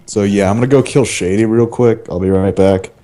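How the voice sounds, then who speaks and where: A man's voice: lowish voice, steady tone, a little fast, warm tone. A man chatting about a video game with friends, blunt and profane. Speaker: let's play co-host. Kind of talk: casual gaming chat. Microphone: home computer mic, online voice chat.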